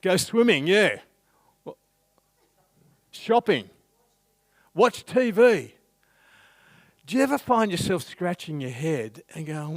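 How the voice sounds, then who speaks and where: A man's voice: high-pitched, sing-song, takes it slowly, pauses often, no echo. Chatty man preaching. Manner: chatty, self-deprecating storyteller. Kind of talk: sermon with humorous anecdote. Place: church.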